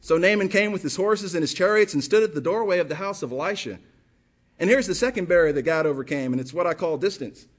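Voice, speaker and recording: A man's voice: sits high, quick pace. A male pastor preaching a sermon with passion, firing rhetorical questions and repeating phrases for emphasis.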